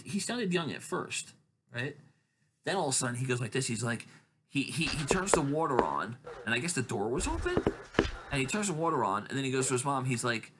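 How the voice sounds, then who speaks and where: Casual male host, animated delivery, hissy recording. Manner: rambling, acts out quotes in high voices. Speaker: podcast host. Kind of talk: casual chat, storytelling.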